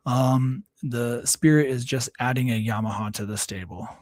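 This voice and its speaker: A man's voice: medium pitch, steady tone, normal speed, darkish tone, no echo. A man hosting a casual livestream, reading articles aloud and stopping often to reread and correct himself. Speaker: livestream host.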